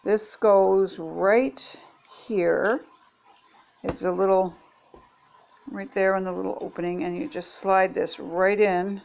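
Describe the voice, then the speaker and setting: A woman's voice: medium pitch, fairly even intonation, slow, creaky, a little mellow, slight background noise. An older woman chatting homily to viewers as she tests kitchen gadgets at home. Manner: chatty, homey, talks to viewers while demonstrating. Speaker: product-testing vlogger. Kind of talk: casual kitchen product demo.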